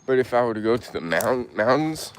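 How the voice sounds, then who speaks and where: A man's voice: medium pitch, expressive, a little fast, a little hiss or hum. A man out of breath, hiking a hilly trail outdoors and chatting casually as he answers live chat. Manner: breathless, laid-back, answers chat questions aloud.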